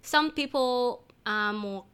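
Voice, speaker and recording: A woman's voice: a little high, slow, a bit bright, smooth. Chatty woman with a Vietnamese accent. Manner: chatty, laughs often, restarts phrases. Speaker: Vietnamese language teacher, guest. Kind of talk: conversational podcast interview.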